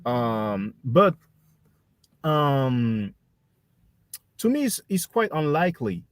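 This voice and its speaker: A man's voice: medium pitch, big pitch swings, no room sound. Dry, close man explaining history. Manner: measured, explanatory, addresses listeners as brothers and sisters. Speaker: livestream host. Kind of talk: casual history discussion.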